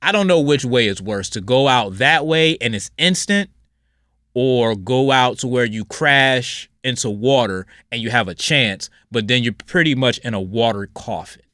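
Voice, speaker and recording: Man, podcast host, casual solo talk, blunt and rambling, forceful bright tone, dry close recording. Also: lively intonation, moderate pace, dry recording. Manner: blunt, rambling, swings from loud outbursts to low mutters.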